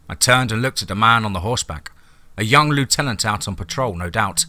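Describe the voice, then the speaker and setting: A male narrator reads a horror story in a grave, formal way. His voice sits a little low but has a very bright, forceful edge. He keeps an even, measured tone.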